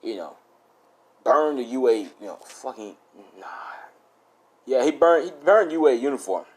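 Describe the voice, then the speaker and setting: A man's voice: mid-range voice, animated, normal speed, darkish tone, breathy edge. A young man casually improvising a fan story, rambling, swearing and correcting himself as he goes.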